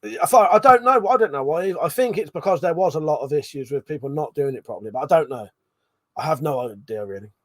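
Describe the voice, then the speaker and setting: With a fast, expressive, fairly high voice, this British man hosts a laid-back late-night livestream while tipsy. He laughs a lot, swears freely, and reads out chat comments, all captured at studio quality without echo.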